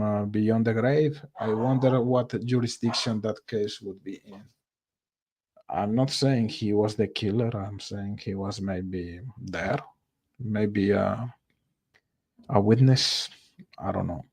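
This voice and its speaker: A man's voice: on the low side, darkish tone. A man hosting a livestream, reacting to a video in casual commentary, thinking aloud hesitantly with many fillers.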